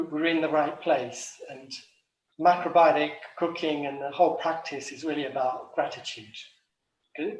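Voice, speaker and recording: English man, fairly high voice, loose reflective talk full of ums, echoey room, set back from the mic. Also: distant mic. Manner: rambling, many ums and restarts. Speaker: macrobiotic chef and retreat director. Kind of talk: casual reflective talk at an online forum.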